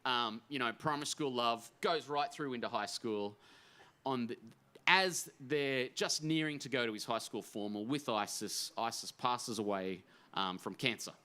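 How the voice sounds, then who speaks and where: Animated man telling a story. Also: medium pitch, normal speed. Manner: animated, emphatic storytelling with many fillers and restarts. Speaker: author guest at a writers festival. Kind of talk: on-stage storytelling interview. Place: festival stage.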